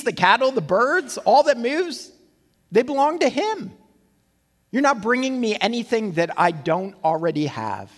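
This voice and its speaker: A male pastor preaches in a conversational, animated way and keeps posing rhetorical questions. His voice sits notably high. A long reverb trails through the hall behind him. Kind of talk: sermon.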